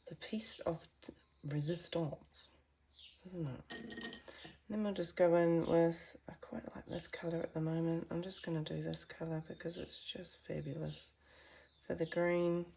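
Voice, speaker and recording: A woman's voice: on the low side, fairly even intonation, a little slow, creaky, warm tone. A woman giving a chatty, encouraging painting tutorial from her home art studio, talking to viewers as friends. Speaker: art teacher.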